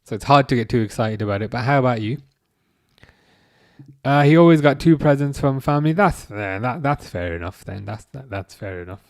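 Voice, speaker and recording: A man in his thirties hosting a live football watchalong, chatting casually and reading out comments, with a halting, restarting way of talking. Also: mid-range voice, animated, no room sound, studio quality. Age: 30s. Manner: halting, many restarts, chuckles often.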